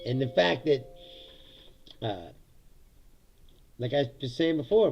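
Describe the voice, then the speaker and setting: Sardonic and profane, a male livestream host streams solo and casually, frequently laughing at his own jokes into his streaming setup mic. His fairly high voice has vocal fry and a bit of brightness, though the audio is poor.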